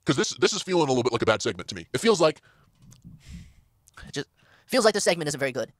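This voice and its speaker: Brief: male podcast host, quick rambling delivery, dry close sound, chatting alone in a car. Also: fairly high pitch, very animated, no room sound. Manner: rambling, full of fillers and restarts. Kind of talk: casual solo podcast chat. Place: inside a parked car.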